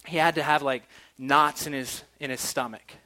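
A man's voice: medium pitch, fairly even intonation, normal speed, pushed and bright. A man preaching a sermon in a casual, chatty way, often restarting his words.

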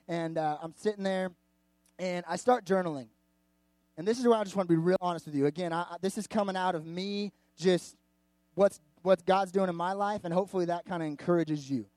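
High-voiced, animated male pastor. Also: no echo. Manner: animated, candid, chatty with frequent "like". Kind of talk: conversational sermon storytelling. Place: church service before a live audience.

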